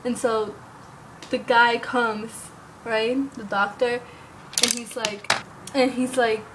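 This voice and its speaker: A woman's voice: a little high, fairly even intonation, slow, noisy background. A young woman telling a story to camera in a casual, rambling way, filling her talk with "like" and the odd curse word. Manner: rambling, heavy use of "like", occasional cursing. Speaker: vlogger.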